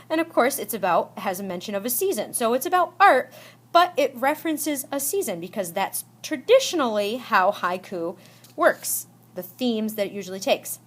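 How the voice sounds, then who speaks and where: A woman teacher talks to her students in a slightly high voice. She explains each point slowly and deliberately. She repeats examples aloud and checks in often to make sure they follow. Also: a bit bright. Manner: slow, deliberate explaining with frequent check-ins. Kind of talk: recorded classroom lesson for students.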